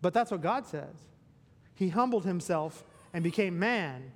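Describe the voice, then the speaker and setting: A male pastor giving a sermon, playful and animated, with asides and questions to the congregation. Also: high-pitched, measured pace. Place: church sanctuary. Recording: long reverb of a church hall.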